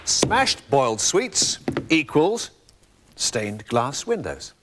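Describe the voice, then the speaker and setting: A man's voice: medium pitch, very animated, extremely slow, very noisy. A man from England presenting a children's TV show, demonstrating a craft in a playful, theatrical way.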